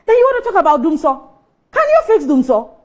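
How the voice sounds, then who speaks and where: A woman's voice: sits high, very animated, fairly quick. A woman with a Ghanaian English accent, a guest on a TV studio talk show, giving heated political commentary full of mocking rhetorical questions.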